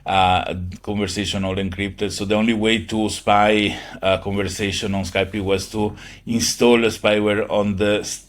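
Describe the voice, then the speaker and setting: Low-voiced man, halting speech. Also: flat delivery. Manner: halting, many fillers, non-native phrasing. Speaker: guest. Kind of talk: conversational interview.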